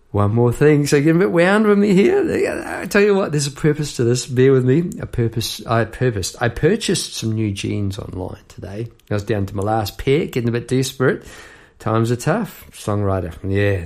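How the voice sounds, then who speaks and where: A middle-aged songwriter hosts his own show with a gravelly edge to his voice. He talks in a loose, joking way, drifting from topic to topic and laughing at his own gripes. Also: medium pitch, darkish tone. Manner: chatty, jokey, goes off on tangents with frequent laughs. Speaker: songwriter and podcast host. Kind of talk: rambling casual monologue. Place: home room at a piano.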